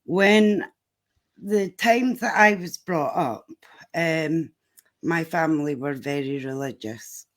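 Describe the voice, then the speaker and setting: A woman from Scotland with a Scottish accent, a guest giving friendly, unhurried replies in a casual podcast interview. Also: low-pitched. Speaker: guest, psychic medium.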